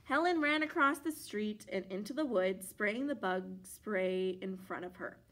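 A woman from a library reading a children's picture book aloud, expressive and playful, with funny sound effects. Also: medium pitch, measured pace. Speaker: library storyteller.

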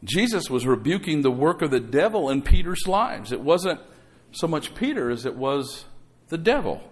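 Middle-aged guy pastor preaching, kinda high voice, keeps asking for amens, chatty asides. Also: sing-song, normal speed. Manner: exhorting, calls for amen from congregation; conversational asides and rhetorical questions. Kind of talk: sermon.

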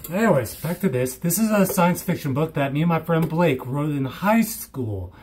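A young man talking in a hyper, giddy vlog at home, rambling and bursting into loud silly exclamations. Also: fairly high pitch, lively intonation, a little slow, slight background noise. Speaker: vlogger.

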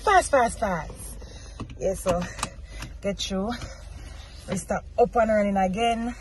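A woman vlogs from a van in a slow, easygoing way. She chats casually to the camera and coos at her little one between remarks. There is a faint hum of the road behind her. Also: mid-range voice, steady tone, darkish tone. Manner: chatty, coos at her small child. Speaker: family vlogger. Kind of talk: casual vlog chat to camera.

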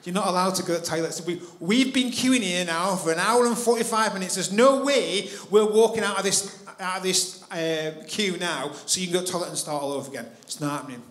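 A man preaching in church, telling a personal story with animated delivery and acting out his own thoughts. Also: sits high, a little fast, few pauses, roomy sound. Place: church hall.

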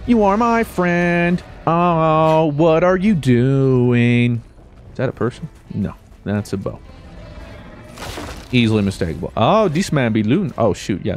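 A man commentating his own gameplay as a video host, joking around and breaking into sudden high yelps. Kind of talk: let's play commentary.

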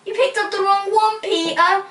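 A woman's voice: fairly high pitch, fast talker, bright, forceful tone, a little hiss or hum. A woman voicing a fond, fussing mother who scolds her husband, recorded with a roomy echo from a distance. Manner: scolding yet caring.

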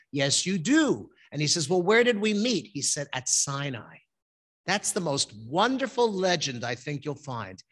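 A man's voice: fairly high pitch, fairly bright tone. A man, a rabbi, giving a folksy, joking holiday sermon in a synagogue and asking the congregation questions. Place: synagogue sanctuary.

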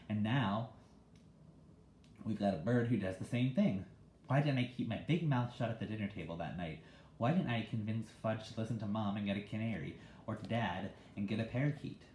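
A man reads a children's novel aloud in a relaxed, conversational manner. His voice is lowish and mellow. The recording has a roomy echo. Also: fairly quick, a little hiss or hum. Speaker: reader. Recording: echoey room.

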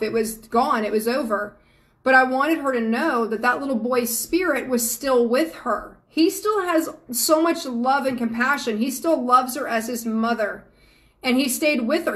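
Her voice sits high with a fairly bright tone. She's a Georgia, USA native running a psychic medium live stream, talking with viewers in a warm, earnest way.

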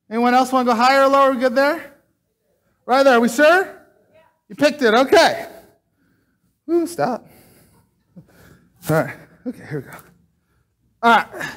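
A man's voice: very high voice, a bit bright. A man preaching a casual sermon, chatting and joking with the congregation while doing a trick.

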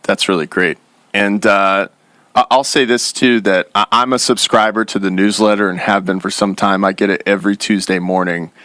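A man's voice: on the low side, steady tone, moderate pace, pushed and bright, dry recording, studio quality. A man hosting an interview, affirming his guest and steering with small stammering restarts. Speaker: host.

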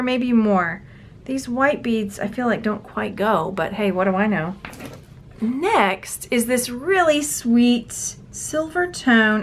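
A woman's voice: fairly high pitch, fairly bright tone. A woman, chatting playfully in a casual unboxing vlog, sorting jewelry to resell. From Texas. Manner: chatty, playful, talks to objects.

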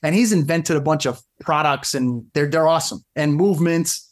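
A middle-aged man, a fitness coach guesting on a podcast, telling stories in an animated way with frequent restarts. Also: a little high, normal speed. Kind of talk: casual storytelling interview.

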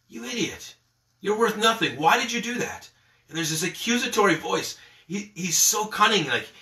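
A man, a priest, giving a morning prayer reflection in a lively, conversational way, checking in often with "okay?" and "all right?". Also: a little high. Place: church. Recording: echoey church from a distance.

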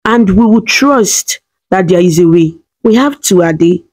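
A woman's voice: on the low side, expressive, unhurried, a little mellow. A woman voicing a fierce young mother who speaks with urgent determination to protect her twins. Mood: soothing.

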